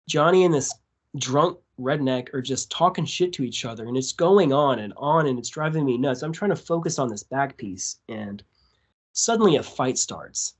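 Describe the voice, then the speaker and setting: A man guesting on a podcast, telling a story in a casual, profane, animated way. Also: medium pitch. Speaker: tattoo artist.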